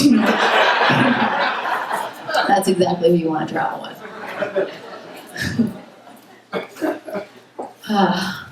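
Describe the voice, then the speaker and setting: A young woman works through a stand-up set in a loose, chatty way, mocking herself as she goes. Her voice sits in a middle range. It is caught from a distance in a booming, echoey room, with clear noise behind it. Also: expressive, moderate pace, long pauses. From United States. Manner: chatty, self-mocking, lots of "like" and "you know what I mean". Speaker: stand-up comedian. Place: comedy club stage at a festival. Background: audience laughter.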